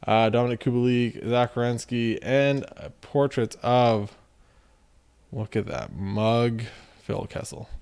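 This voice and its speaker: A man hosting a card-opening video, chatting casually and joking as he reads off names in quick runs. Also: mid-range voice, expressive, creaky, a little mellow, clean tone. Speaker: card-opening channel host. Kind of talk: casual commentary while opening card packs.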